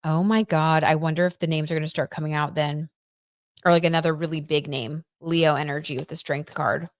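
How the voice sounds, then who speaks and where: A woman reading tarot cards on a live stream in a chatty, excitable way, full of "like"s and little gasps. Her voice sits a touch low. The sound is close and dry, with no room around it. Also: brisk, no echo. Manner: chatty and excitable, reads viewer comments aloud, gasps and many "like"s.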